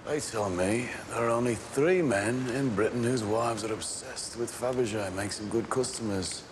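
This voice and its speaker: An actor playing a controlled 1920s Birmingham gang boss with a Birmingham accent, clipped and cold, at times erupting into shouts. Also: male voice, medium pitch, normal speed, background noise, close to an everyday voice. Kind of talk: television crime drama.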